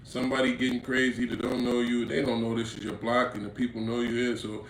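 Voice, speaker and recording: A man with a gravelly mid-pitched voice tells a street story to camera, slangy and acting out what people said. He builds to loud, emphatic bursts. The room is echoey with faint noise behind him. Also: monotone, fast. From Inglewood, California. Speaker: vlogger telling a story. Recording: roomy echo, faint background noise.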